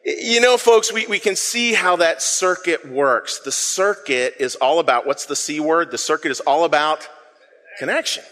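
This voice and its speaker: A man's voice: fairly high pitch, moderate pace, sharp tone, long reverb tail. A man preaching an interactive sermon, calling the congregation to repeat words back to him in a playful, self-deprecating way. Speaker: pastor. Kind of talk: interactive sermon with audience call-and-response. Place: church sanctuary.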